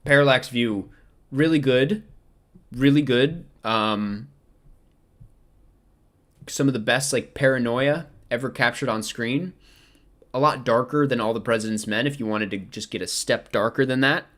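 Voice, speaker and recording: A man's voice: mid-range voice, a little slow, long pauses, a bit bright. A young man talking casually to camera, rambling and second-guessing himself with many ums while he ranks films. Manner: rambling, self-questioning, frequent ums. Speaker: film vlogger ranking movies. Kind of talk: casual chat.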